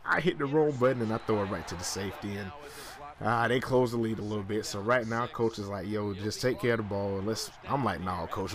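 A man giving casual play-by-play commentary over his own video game, hyped and full of slang, his voice jumping up into sudden high yelps. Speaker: gaming YouTuber.

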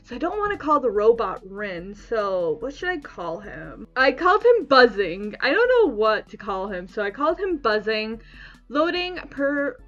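A woman's voice: a little high, a bit bright, muffled recording. A woman giving bubbly, giggly, chatty commentary while playing a video game. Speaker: gaming YouTuber. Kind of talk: casual let's-play commentary.

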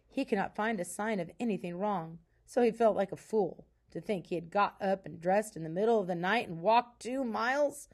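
A woman reads a children's novel aloud like a teacher at story time. Her voice is calm and soft, with an even, unhurried delivery. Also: medium pitch.

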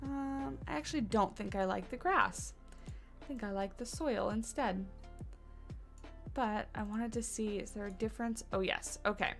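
A tired game streamer with a creaky, mid-range voice talks at a normal pace into a desk mic on a boom arm, faint music behind her. She chats casually and thinks aloud while building, greeting viewers by name.

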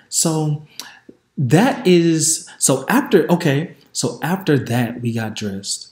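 A man's voice: medium pitch, expressive, measured pace, a little mellow. Frank man telling stories in an echoey room. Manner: frank, chatty, addresses listeners directly. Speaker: podcast host. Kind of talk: candid storytime monologue.

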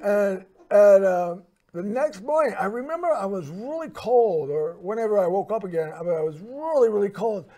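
A man's voice: high voice, very animated, moderate pace, mellow. A man hosting a show, telling a personal story in a rambling way, full of fillers and restarts. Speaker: host.

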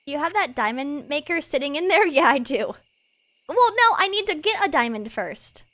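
A young woman streaming a video game live, rambling and joking at herself, swinging from mumbled asides to loud excited bursts. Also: sits high, moderate pace. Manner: rambling, self-mocking, jumps between mumbling and loud excitement. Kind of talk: live gameplay stream chatter.

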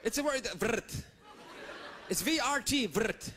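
A man performing a playful, animated stand-up comedy routine on stage before a live audience. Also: very high-pitched, slow, a little hiss or hum.

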